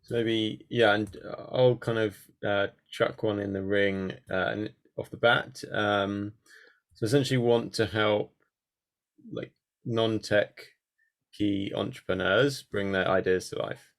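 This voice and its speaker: Workshop host, male, low and gravelly, hesitant and filler-heavy delivery. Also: fairly even intonation, slow pace. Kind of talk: casual online workshop chat. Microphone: video call.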